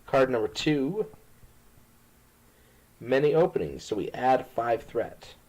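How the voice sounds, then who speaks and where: A man's voice: mid-range voice, big pitch swings, slow pace, darkish tone, poor audio. A man casually talking through a cooperative card game with a friend, explaining his moves.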